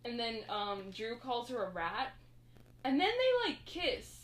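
A woman's voice: on the high side, wildly swooping pitch, a little slow. A young woman co-hosting a casual chat, recapping a movie in a rambling way with lots of fillers and quoted lines. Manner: rambling, filler-heavy storytelling with quoted voices. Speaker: podcast co-host recapping a movie. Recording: roomy echo.

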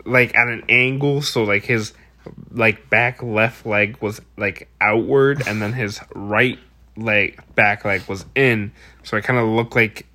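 A man in casual chat, laughing along, swearing, and describing things in halting detail. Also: lowish voice, steady tone, pushed and bright.

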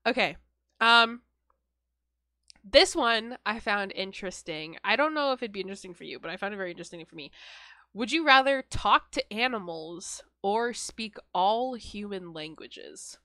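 A young woman co-hosting a podcast, giggly and animated in casual chat. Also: medium pitch, normal speed, no echo, studio quality. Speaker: podcast co-host.

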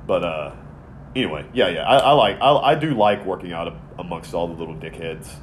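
A man's voice: low-pitched, brisk, a little hiss or hum. A man in his thirties co-hosting a podcast, telling a long, rambling, profane story in casual chat. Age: 30s. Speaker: podcast co-host.

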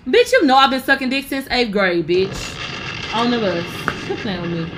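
A woman's voice: on the high side, lively intonation, moderate pace, background noise. A young woman giving brash, profane gossip commentary, talking straight to her viewers. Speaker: commentary vlogger.

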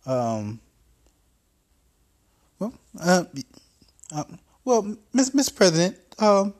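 A man voicing a nervous, deferential vice president who hesitates and fills pauses with ums. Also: sits high, very animated, darkish tone, voice pushed up, heavily acted. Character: timid, fumbling male vice president aide.

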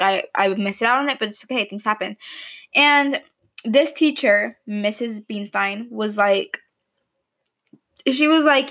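A young woman telling a casual storytime to camera in a chatty, animated way, acting out what her teachers said. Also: a little high. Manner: chatty, animated, mimics teachers in quoted lines. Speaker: vlogger. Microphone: camera mic, speaking to camera.

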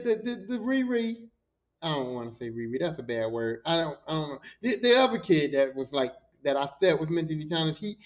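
A high-voiced man spins a rowdy, profane story as a podcast host, jumping into his coworkers' voices as he goes. The sound is dull and lo-fi. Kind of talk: casual storytelling monologue.

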